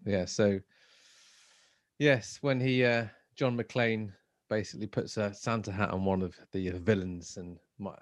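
A man's voice: low voice, no room sound. A man co-hosting a podcast from home, chatting casually and playfully with many restarts. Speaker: podcast co-host and agile trainer. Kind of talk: casual chat.

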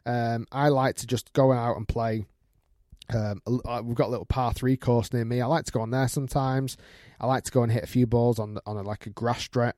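Male podcast host, warm mellow tone, dry close sound, chatty and laughing while reading mail. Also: medium pitch, no echo. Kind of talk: casual podcast monologue, reading listener email.

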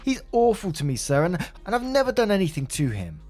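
A man voicing a volatile, manipulative middle-aged mother with a high-pitched Southern accent and a whiny, accusing way of talking. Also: big pitch swings, fairly quick, darkish tone. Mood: pleading.

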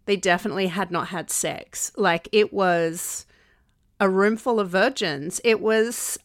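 A woman co-hosting a podcast, telling stories in a chatty, animated way. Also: mid-range voice, unhurried, no echo, studio quality. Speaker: podcast co-host. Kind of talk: casual chat.

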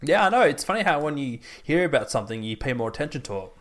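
A man's voice: on the high side, sing-song, fast talker, fairly bright tone. A young man hosting a casual podcast, joking around and hesitating with fillers. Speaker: podcast host. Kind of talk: casual chat.

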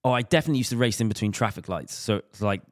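A man's voice: fairly low pitch, animated, rapid-fire, no room sound, studio quality. A man hosting a podcast, chatting casually and laughing easily. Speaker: podcast host.

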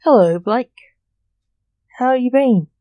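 A woman's voice: fairly high pitch, animated, slow pace, no echo, dull audio, voice pushed up. A woman reading the lines of a nervous, squeamish male TV host in a story. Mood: flustered. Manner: flustered and confused.

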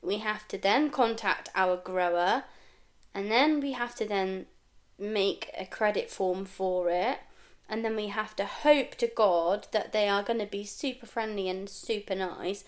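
A chatty woman talking casually as a podcast co-host. Her voice sits at an everyday middle pitch. She laughs often and throws in playful swearing. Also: a little slow. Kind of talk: casual chat.

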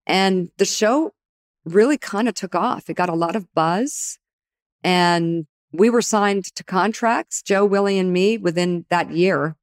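Animated woman telling a story, dry sound. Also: on the low side, measured pace, no room sound. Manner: animated, acts out quoted dialogue. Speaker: guest, TV news anchor. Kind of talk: conversational interview storytelling.

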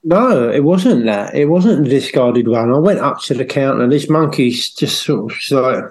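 A man hosting a comedy podcast, telling rambling deadpan tall tales and quoting voices. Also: medium pitch, moderate pace, breathy edge. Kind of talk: deadpan improvised comedy chat.

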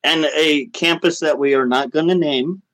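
A man hosting a comedy podcast, teasing his co-host with quick jokes. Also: fairly high pitch, a bit bright, no echo, rough recording. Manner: teasing, jokey interjections. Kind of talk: casual comedy podcast chat.

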